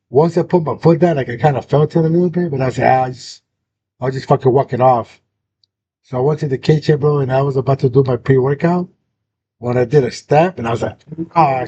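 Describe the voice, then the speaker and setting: This host is a young man with a dark tone and brisk delivery, spinning a slang-heavy, profane story during a casual chat. Audio is dull and lo-fi with a faint rumble underneath.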